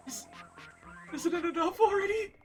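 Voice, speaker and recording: A nervous young man stammers and pleads for forgiveness , as a woman streamer voices him in her own high voice. The delivery is halting and fearful, with faint music playing underneath. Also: a little mellow. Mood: pleading. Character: timid young man groveling under accusation.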